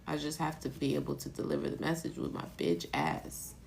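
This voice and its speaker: A woman with a low, gravelly voice reads tarot cards on a live stream, speaking straight into her phone. She talks in an emotional, rambling way and swears casually as she works through the spread. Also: big pitch swings, brisk, darkish tone, a little hiss or hum. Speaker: tarot reader.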